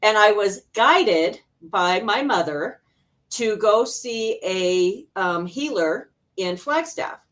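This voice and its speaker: A middle-aged woman from Arizona, an intuitive healer guesting on an interview show, telling a personal story in an animated way, laughing often and acting out remembered voices. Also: medium pitch, takes it slowly. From Arizona, USA.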